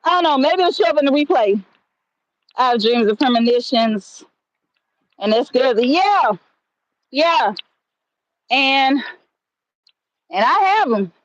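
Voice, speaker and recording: A woman hosting a livestream tells stories into her phone in a rambling, conversational way, full of fillers and restarts. Her voice is high-pitched and expressive, slow, with frequent pauses and no echo, and the stream audio sounds dull and lo-fi.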